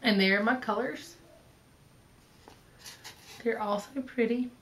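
A woman's voice: a little high, slow pace, a bit bright, slight background noise, low-quality recording. A woman in her thirties with a Southern accent, hosting a casual vlog in a chatty, rambling way with lots of ums and asides. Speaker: flosstube host.

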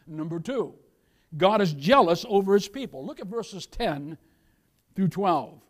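A male pastor with a high-pitched voice delivers a sermon. He builds from quieter passages to loud, emphatic peaks and calls out to the congregation. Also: animated, slow pace, long pauses.

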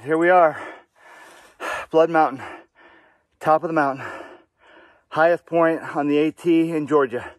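A man's voice: fairly high pitch, dry recording. A man vlogging outdoors while hiking, talking casually to his viewers, out of breath, with lots of fillers. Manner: chatty, addresses viewers as guys, many fillers. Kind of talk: casual outdoor vlog narration. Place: outdoors on a mountain trail.

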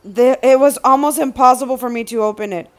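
A young woman vlogging an unboxing, excitable, exclaiming and repeating herself as she looks at each item. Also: sits high, a little fast. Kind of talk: casual unboxing vlog.

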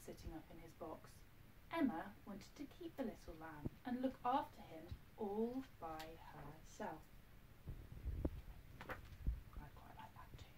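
A woman teacher reads a picture book aloud to her class, gentle and expressive, with small asides to the children. She films herself at home, and the camera sits a little far off, with a faint noise underneath. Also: fairly low pitch, slow, pauses often. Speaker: primary school teacher. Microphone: self-filmed camera. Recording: distant mic, faint background noise.

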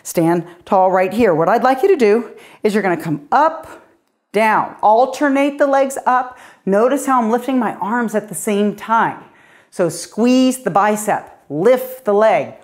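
A woman's voice: medium pitch, expressive, measured pace. A middle-aged woman, a fitness coach, leading a guided workout with upbeat, encouraging cues, slightly out of breath.

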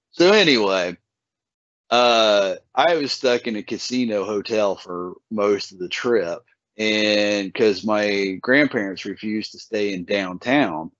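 A man telling a folksy story in casual chat, his voice leaping high whenever he quotes people. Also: no room sound. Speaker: podcast guest. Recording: dull lo-fi sound.

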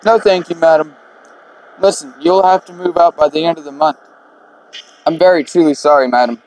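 A man's voice: fairly high pitch, steady tone, normal speed, a little mellow, close to an everyday voice, poor audio. A man voicing a reluctant young debt collector. He speaks in a polite, hesitant and apologetic way while reading the game's dialogue aloud.

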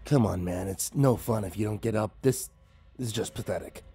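A male narrator voicing a cruel, taunting killer in a horror story, with slow, sneering delivery. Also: fairly low pitch, warm tone. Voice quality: gravelly, raspy. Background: faint music.

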